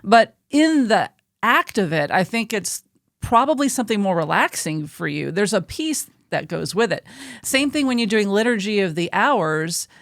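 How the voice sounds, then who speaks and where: A woman's voice: mid-range voice, sing-song, moderate pace, dry recording, studio quality. A woman co-hosting a podcast in casual chat, explaining her views in a thoughtful, earnest way. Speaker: podcast co-host.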